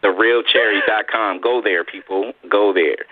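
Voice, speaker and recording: A man's voice: on the low side, normal speed, dry recording, phone-quality sound. A man co-hosting a live radio chat show, joking around, hyping up his guest and laughing often.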